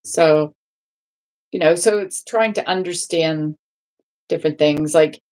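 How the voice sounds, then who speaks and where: A woman with a lowish voice chats loosely on a live stream. She rambles, restarts her sentences and keeps checking in with "right?". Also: unhurried, a little mellow. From England. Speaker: guest. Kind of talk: casual live-stream chat.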